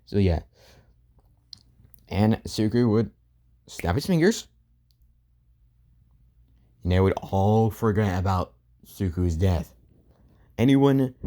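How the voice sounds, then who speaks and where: A man improvising a fan story, rambling and filling pauses with "and yeah.". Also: fairly low pitch, dark tone.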